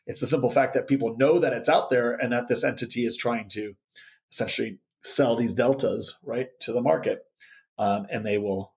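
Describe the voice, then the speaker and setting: Male podcast guest, gravelly, thinks aloud with fillers, remote call. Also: medium pitch. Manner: thoughtful, many fillers and restarts. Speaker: options volatility guest. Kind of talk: interview answer on markets.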